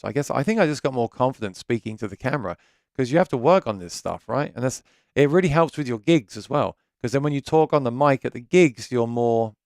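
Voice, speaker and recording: A man's voice: mid-range voice, creaky, darkish tone, clear, resonant tone, no room sound. A British man hosting a live gear chat stream from his home studio, chatty and rambling, often restarting his sentences. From Britain. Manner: chatty, rambling, self-correcting. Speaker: gear channel host.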